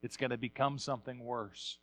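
Animated preaching man, dry sound. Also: medium pitch, brisk, dry recording, faint music behind. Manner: animated, repeats words, swings from quiet to loud. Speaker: pastor. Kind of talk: sermon.

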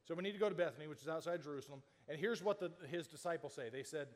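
A man's voice: fairly high pitch, rapid-fire, in a large hall. A man preaching a sermon as a pastor, telling the story conversationally and acting out the quoted lines, with frequent restarts.

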